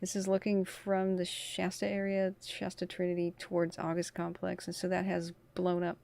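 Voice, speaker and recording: A woman's voice: fairly low pitch, monotone, moderate pace, gravelly, a little mellow. A tired woman hosting a casual live wildfire stream, chatting over scanner radio. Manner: chatty, talks through radio traffic. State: tired from little sleep. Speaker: wildfire livestream host.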